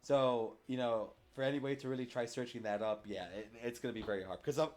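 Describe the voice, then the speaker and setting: A young man from the United States hosts a casual podcast. He rambles through his points, hedging with lots of fillers and restarting his sentences. His voice sits at an ordinary middle pitch. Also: steady tone, fast talker, a little mellow. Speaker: podcast host. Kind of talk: casual chat.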